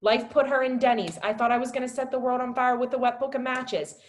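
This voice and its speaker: Here a twenties-aged wellness coach recounts her personal story during a webinar, full of emotion and fillers. Her intonation stays fairly even and her pace is quick, though reliving moments pushes her voice up high and loud.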